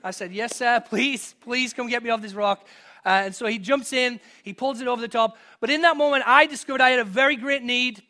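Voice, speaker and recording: A man delivering a sermon from the pulpit, his voice sitting high and ringing bright. He mixes scripture reading with relaxed personal stories, then pushes up to emphatic peaks on his main points. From from outside the US. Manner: storytelling, conversational, builds to emphatic peaks. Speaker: pastor.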